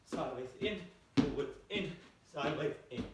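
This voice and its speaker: A man's voice: a little high, lively intonation, moderate pace, very noisy. A man teaching a home exercise lesson, counting out jumps while doing them and getting out of breath. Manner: counting reps aloud while jumping. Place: small room at home. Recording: echoey room, mic far off.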